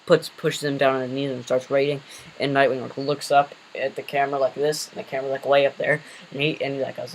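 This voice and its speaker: A man's voice: medium pitch, gravelly, a little hiss or hum, rough recording. A man casually retelling an invented superhero story, rambling with many fillers and self-corrections.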